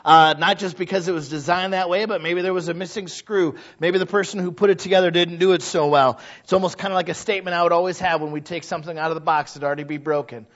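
A middle-aged male pastor preaching a sermon in a church, talking conversationally and building to loud exhortation. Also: high-pitched, fairly even intonation, quick pace, few pauses. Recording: dull lo-fi recording.

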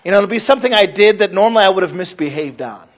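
High-voiced man preaching a sermon. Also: animated, racing, lo-fi sound. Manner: conversational, swings between hushed asides and loud exhortation; acts out his own prayers and remembered conversations. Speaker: pastor. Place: church service.

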